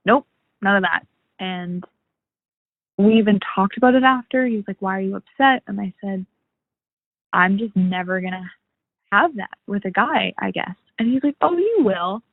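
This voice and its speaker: A woman in her twenties leaving a rambling, halting voicemail question for an advice show. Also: mid-range voice, no echo. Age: 20s. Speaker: caller. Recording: tinny phone line.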